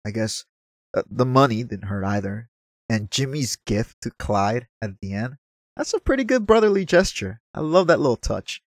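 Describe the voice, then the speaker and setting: A man's voice: mid-range voice, very animated, moderate pace, no room sound, studio quality. A man giving a casual movie review, chatty, with apologetic asides and the odd stumble over his words.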